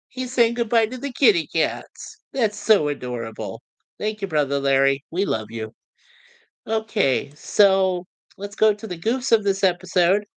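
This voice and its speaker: On a casual livestream, a male podcast host reviews a TV series, chuckling and pausing with fillers as he reads chat messages aloud between trivia. His voice is a little high and a bit bright, and he comes across as friendly. No room sound is audible.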